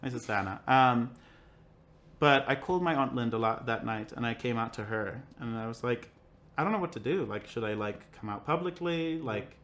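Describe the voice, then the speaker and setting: A young man casually telling a personal story as a podcast guest, animated and acting out the people he quotes. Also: medium pitch, normal speed. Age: young adult. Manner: animated, acts out quoted voices, many "like" fillers.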